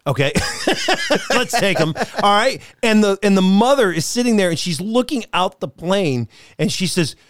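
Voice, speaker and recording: Animated storytelling man, dry sound. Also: high voice, moderate pace, few pauses, no room sound. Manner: animated storyteller, acts out quotes. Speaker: podcast co-host. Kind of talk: casual chat.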